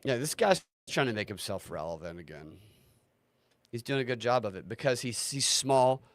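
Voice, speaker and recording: A man's voice: medium pitch, expressive, moderate pace, no echo. A man hosting a livestream, talking casually in a sarcastic, ranting way and swearing freely. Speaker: livestream host.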